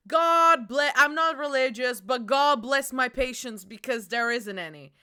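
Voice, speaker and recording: In studio-quality, dry audio, a young woman streamer talks casually to her viewers in a high, sharp, clean-toned voice, taking things a little slowly. Bubbly and giggly, she squeals hellos and tosses in playful curses.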